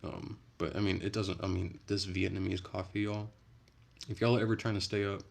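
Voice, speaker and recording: A young man on a casual late-night livestream, reading chat and rambling in a relaxed, soft-spoken way. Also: low voice, brisk, gravelly.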